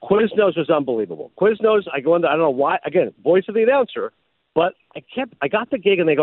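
In rapid-fire delivery and a slightly high voice, a former sportscaster now hosting a podcast spins animated stories over casual talk, periodically lapsing into his announcer's cadence. It's a dry recording with phone-quality sound.

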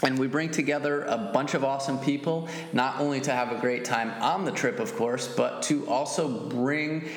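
A man's voice: mid-range voice, steady tone, moderate pace, few pauses. A man hosting a podcast in casual chat, loose and profane with plenty of fillers. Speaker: podcast host.

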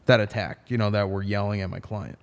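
A man's voice: fairly low pitch, steady tone, fairly quick. A man who is a defense attorney, telling a story in a casual podcast chat with emphatic, profane language.

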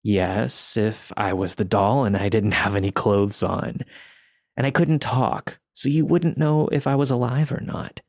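A man performs a creepy stranger in a storybook reading, dragging out his words in a slow, slurred drawl. He phrases things like a child and stays eerily calm. The voice sits low and dry, close to the mic. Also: no room sound. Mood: eerie.

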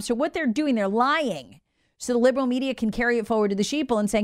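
Woman ranting on her commentary show, sarcastic and emphatic, smooth and crisp, dry room. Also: fairly high pitch, fast talker, no room sound. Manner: emphatic and indignant, with sarcastic asides. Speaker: political commentary host. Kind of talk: opinionated political commentary monologue.

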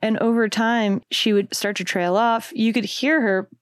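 A young adult woman and musician guest, talking reflectively in a casual interview, with many "like"s and soft laughs. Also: a little high, fairly even intonation, normal speed, clear, resonant tone, dry recording, studio quality.

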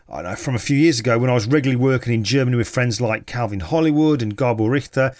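A man's voice: medium pitch, no room sound, studio quality. A man hosting a podcast on his own, introducing the episode in an enthusiastic, chatty way. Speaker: podcast host.

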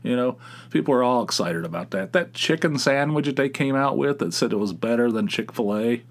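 A middle-aged man hosting a podcast, rambling casually and mocking excited people with put-on voices. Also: mid-range voice, brisk. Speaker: podcast host. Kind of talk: casual solo podcast rant.

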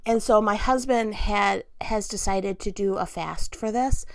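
A woman's voice: medium pitch, measured pace, no echo, studio quality. A woman giving an earnest, chatty devotional talk, full of fillers and direct questions to the listener. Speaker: Christian devotional speaker.

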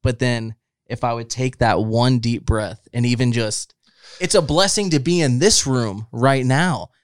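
A man's voice: medium pitch, a little slow, no room sound, clean studio sound. A man hosting a podcast in casual chat, laid-back and full of "like" and "bro.". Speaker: podcast host.

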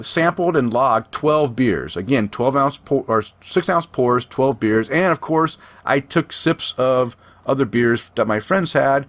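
A middle-aged man chatting casually as a podcast co-host, rambling and conversational, often restarting his sentences. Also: mid-range voice. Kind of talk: casual chat.

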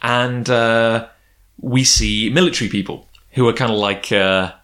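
A man co-hosting a casual chat, animated, laughing often and acting out lines. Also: mid-range voice, measured pace. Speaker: podcast co-host. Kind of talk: casual chat recapping an anime.

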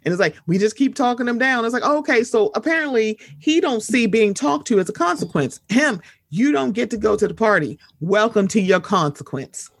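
A woman hosting a casual podcast chat, talking in a blunt, animated, often profane way and reading out news items. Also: on the high side, a little fast, few pauses, husky, no echo, clean studio sound. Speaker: podcast host.

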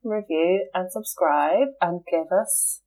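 A woman's voice: on the low side, slow, a little mellow. A young woman co-hosting a podcast, chatting casually and laughing often. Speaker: podcast co-host. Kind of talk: casual chat.

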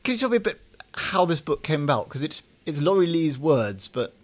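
A man hosting a podcast, introducing the topic and guest in a measured, articulate way with dry asides. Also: on the high side, sing-song. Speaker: podcast host.

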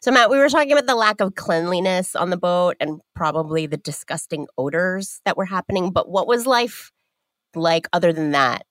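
Low-voiced playful woman co-host. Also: moderate pace, dry recording. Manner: teasing, playful, animated. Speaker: podcast co-host. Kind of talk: casual podcast chat.

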